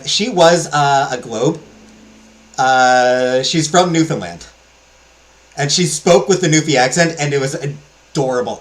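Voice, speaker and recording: A man's voice: fairly high pitch, rough recording. A man hosting a let's play, chatting casually and enthusiastically with many fillers as he talks through a game.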